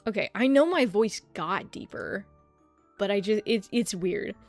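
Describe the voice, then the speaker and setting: A woman streamer chatting casually and rambling about practicing a deeper voice, self-deprecating and swearing freely. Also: animated, a little slow, soft background music. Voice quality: slight lisp-like clicking from a tongue piercing. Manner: experimenting with pitching her voice deeper. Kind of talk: casual livestream chat.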